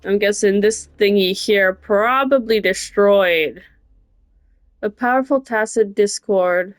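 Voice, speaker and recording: A woman's voice: medium pitch, takes it slowly, dry recording, soft background music. A young woman casually chatting and muttering to herself while playing a game, now and then swearing. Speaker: gaming streamer. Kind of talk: casual gameplay commentary.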